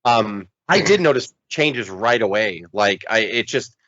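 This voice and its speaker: Man, podcast co-host, casual chat, animated, swearing, lo-fi dry sound. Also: fairly low pitch, unhurried, no echo. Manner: animated, swearing, acts out quotes loudly.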